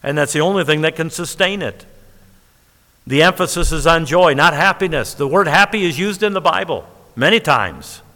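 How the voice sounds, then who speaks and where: Male preacher, bright forceful voice, slightly high, emphatic sermon, long church reverb. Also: lively intonation, moderate pace. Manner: emphatic, stretches key words, laughs at his own points.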